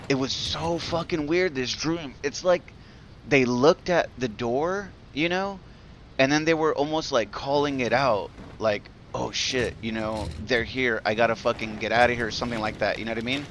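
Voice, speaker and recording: A man's voice: medium pitch, fairly bright tone, a little hiss or hum. A man casually telling a long story while live-streaming a game, rambling with lots of fillers, restarts and swearing.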